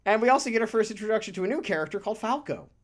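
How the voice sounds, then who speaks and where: A podcast co-host in casual chat, talking in a rambling, animated way, swearing casually and laughing often. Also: medium pitch, racing.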